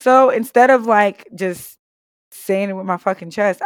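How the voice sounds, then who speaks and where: A woman's voice: mid-range voice, a little slow, dry recording, clean studio sound. A young woman co-hosting a podcast, telling a story in casual chat with lots of swearing, acted-out quotes and laughter. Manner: animated, profane, laughing storyteller who acts out quotes. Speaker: podcast co-host.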